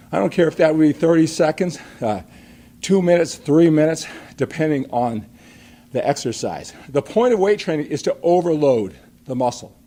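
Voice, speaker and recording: A man's voice: mid-range voice, expressive, brisk, warm tone. A middle-aged man hosting a live workout stream, coaching emphatically and asking rhetorical questions, a little out of breath after a set. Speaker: fitness coach and live show host.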